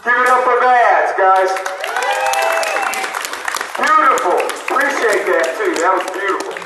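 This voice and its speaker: A man's voice: high-pitched, expressive, unhurried. Man, rally emcee, upbeat, echoey distant PA, crowd noise. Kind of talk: announcing speakers. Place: outdoor rally.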